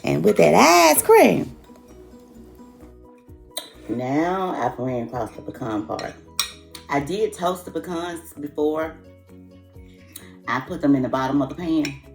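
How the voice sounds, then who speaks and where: A woman's voice: deep voice, very animated, slow pace, vocal fry, long pauses, soft background music. An older woman hosting a cooking demonstration, exuberant and folksy, talking straight to her viewers. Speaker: cooking show host.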